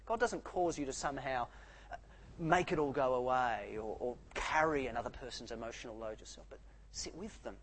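A man preaching a sermon, swinging between soft, quiet lines and loud, animated outbursts. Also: medium pitch, fairly quick, a little hiss or hum, poor audio.

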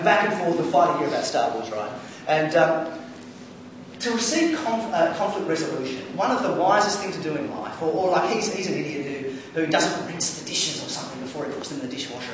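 A man preaching a sermon in a lively, animated way, acting out quoted voices. His voice sits a little high and carries a strong echo, as if he stands well back from the mic in a large room. Clear ambient noise runs behind him. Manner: animated, acts out quoted voices, many fillers and restarts. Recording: echoey hall, far from the mic.

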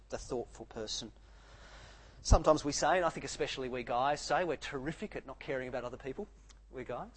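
A man preaching a sermon, swinging between soft, quiet lines and loud, animated outbursts. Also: mid-range voice, breathy edge, poor audio.

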